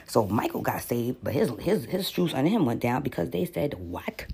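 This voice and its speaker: Man, podcast Bible teacher, gravelly and husky, loose rambling delivery with restarts. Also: medium pitch, sing-song, normal speed, darkish tone. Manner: rambling, repeats words, reads passages aloud. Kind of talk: casual religious teaching.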